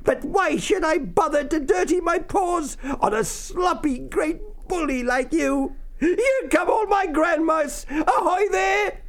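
A man voicing a feisty little old granny mouse with a quaky squeak, drawn-out and sing-song, in a storybook. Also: full character voice. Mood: taunting. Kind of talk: storybook narration.

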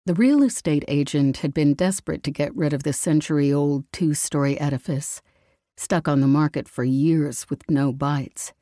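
A woman giving a slow, even scripted narration of a story. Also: low-pitched, dry recording, studio quality. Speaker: audiobook narrator.

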